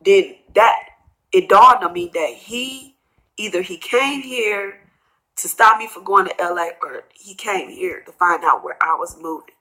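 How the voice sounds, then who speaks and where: A middle-aged woman, tearful and tired, rambling through a personal story in a vlog and quoting others in hushed asides. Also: medium pitch, unhurried, low-quality recording. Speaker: vlogger telling a personal story.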